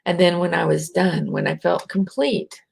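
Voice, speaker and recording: A middle-aged American woman with a slight rural twang, speaking softly and reflectively as a spiritual speaker, sometimes dropping into a whisper to guide breathing. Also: lowish voice, vocal fry, slightly rough. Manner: slow, soft, drops to a whisper at times.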